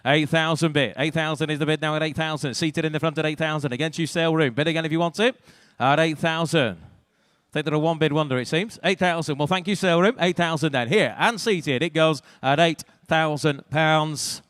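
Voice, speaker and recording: A British man working as an auctioneer, calling out bids in a rapid rhythmic patter with dry joking asides. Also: a little high, fairly bright tone, no echo. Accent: British English. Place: auction sale room.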